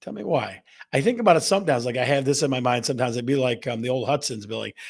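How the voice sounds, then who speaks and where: Middle-aged man with a gravelly voice, hosting a chatty real estate stream and asking viewers questions. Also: mid-range voice, quick pace. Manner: chatty, repeats phrases, asks the audience questions. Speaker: real estate show host. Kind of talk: casual live-stream chat reading viewer comments.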